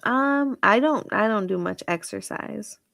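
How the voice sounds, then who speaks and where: A woman's voice: mid-range voice, measured pace, vocal fry, a bit bright, dry recording, clean studio sound. A woman on a dating show, answering bluntly and frankly in casual chat.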